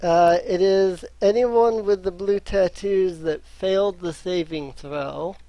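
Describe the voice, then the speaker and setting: Male game master, slow and halting, slightly high voice, dry close sound. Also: mellow, no echo. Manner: hesitant, many ums. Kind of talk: running a tabletop game.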